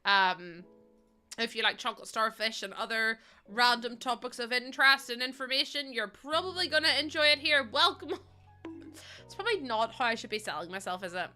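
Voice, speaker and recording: A young woman with a Northern Irish accent rambles through casual stream chat, unfiltered and quick to laugh. Her voice is bright and fairly high. Quiet music plays underneath. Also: lively intonation. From Northern Ireland. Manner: chatty, unfiltered, laughs often, sudden loud squeals. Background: soft background music.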